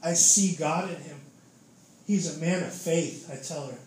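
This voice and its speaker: Young man, high voice, fervent casual preaching, says "man" and "dude" a lot, very echoey room, faint background noise. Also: a little slow. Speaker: lay preacher giving testimony.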